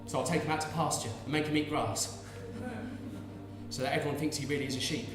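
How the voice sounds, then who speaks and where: Fast and on the high side, his tone level and lightly acted, a man portrays a young peasant mother in anguish, clinging to her child. The monologue coos tenderly and fervently until it explodes into shouted curses, recorded from a distance on a stage mic in a large, echoing theatre.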